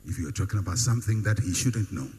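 A man's voice: fairly low pitch, lively intonation, fast, a little mellow. A man preaching a sermon, with emphatic, repetitive build-ups and rhetorical questions. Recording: long hall reverb with faint hum.

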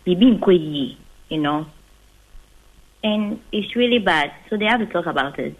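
A woman's voice: lowish voice, lively intonation, moderate pace. A woman with a Ghanaian accent calling in to a radio show, telling her story in a rambling, pidgin-flavored way. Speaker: radio caller. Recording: tinny phone line.

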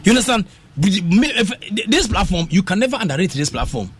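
A Ghanaian man with a strikingly high, husky voice argues about football on radio. He talks quickly, with a lot of pitch movement, and slips into sing-song phrases. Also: sing-song. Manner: passionate, switches between English and Twi, sing-song phrases. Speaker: radio sports talk panelist. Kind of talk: animated radio sports talk.

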